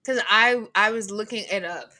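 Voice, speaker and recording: Recapping a podcast episode with her co-host, a young woman keeps things casual, giggly, and sarcastic, frequently talking over the other host. She speaks at medium pitch and normal speed with a sharp tone.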